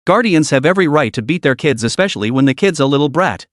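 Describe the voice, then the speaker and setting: Man doing a sly official, calm and a bit mocking, dry close mic. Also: fairly high pitch, fast talker, no echo, close to an everyday voice. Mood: amused. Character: sly middle-aged male official, amused.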